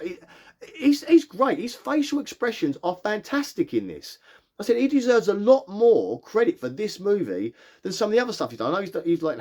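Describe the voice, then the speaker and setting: Fast-talking man reviewing a film. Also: fairly high pitch, a little mellow. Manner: rambling, enthusiastic, many fillers. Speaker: movie reviewer. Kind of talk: casual film review vlog.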